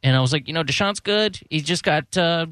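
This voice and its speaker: A man co-hosting a sports talk show, chatting casually and relaxed. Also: fairly high pitch, a little fast, clean tone, dry recording. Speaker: radio co-host.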